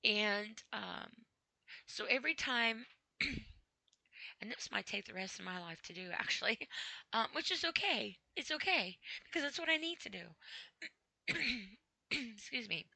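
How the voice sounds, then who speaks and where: Slow halting woman with gravelly voice. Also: on the high side, animated, sharp tone, no room sound, rough recording. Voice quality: dry throat. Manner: slow, halting, with frequent throat clearing and sighs. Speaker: podcast host. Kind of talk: personal spoken reflection.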